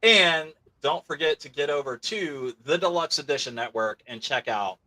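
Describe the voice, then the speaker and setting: A man's voice: on the high side, animated, normal speed, pushed and bright. A man co-hosting a podcast, chatting casually and laughing often. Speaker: podcast co-host.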